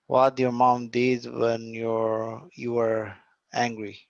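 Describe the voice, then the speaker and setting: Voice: medium pitch, flat delivery, slow, vocal fry, no echo. A host moderating an online talk, hesitantly relaying audience questions. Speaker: group host. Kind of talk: interview moderating. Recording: dry and dull, lo-fi.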